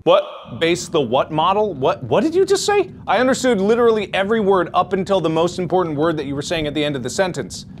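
A man in his thirties, a gaming YouTuber doing let's play commentary, animated and yelping as he plays in VR, winded from moving. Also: high-pitched, fast, few pauses, slight background noise. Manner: animated, yelps and jokes while playing VR.

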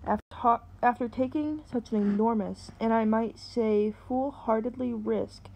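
A woman's voice: fairly high pitch, fairly even intonation, a little slow, creaky, poor audio. A woman doing a bellowing, scolding matron. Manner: loud, scolding, formal. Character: stern disapproving middle-aged woman, bellowing.

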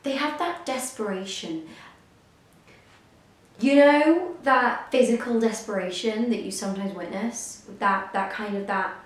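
A woman's voice: mid-range voice, unhurried. A young woman vlogger giving a casual reaction commentary, gushing and rambling with self-deprecating asides. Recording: very echoey room, faint music behind.

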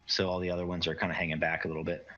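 A man runs a tabletop game, narrating loosely with frequent hedges. His voice is low and forceful. The recording sounds dull and lo-fi. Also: level tone, rapid-fire, faint music behind. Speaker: game master.

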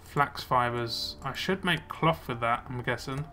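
A man's voice: medium pitch, measured pace, pushed and bright, faint music behind. A young man casually commenting on his gameplay, muttering to himself as he plays. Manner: chatty, muttering to himself while playing. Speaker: let's play gamer.

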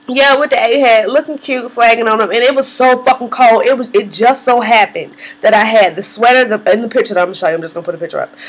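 Husky-voiced young woman venting candidly. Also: fairly high pitch. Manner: candid, swears freely, laughs often. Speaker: hair vlogger. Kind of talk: casual vlog chat.

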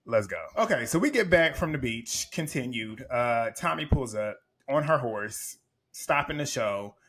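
A man's voice: medium pitch, expressive, a little slow, fairly bright tone, husky. A man casually recapping a reality TV episode, blunt, profane and emphatic in his opinions.

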